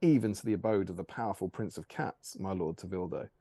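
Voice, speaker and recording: A man's voice: low voice, a little fast, dry recording. A man reading as a haughty elf princess. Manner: loud and haughty. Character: proud young elf princess. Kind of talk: storybook reading.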